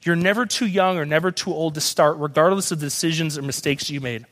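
A young man with a high, bright-sounding voice delivers a sermon to a congregation. He talks in a lively storytelling way, slipping into other people's voices as he tells his stories. His delivery keeps moving and stays conversational. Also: quick pace. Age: young adult. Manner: animated storytelling, acts out quoted voices. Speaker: guest speaker.

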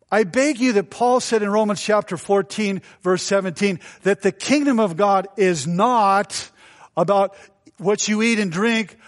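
A male pastor preaching a sermon, telling stories with humor and asking the congregation questions. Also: high-pitched. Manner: storytelling, joking, asks the congregation.

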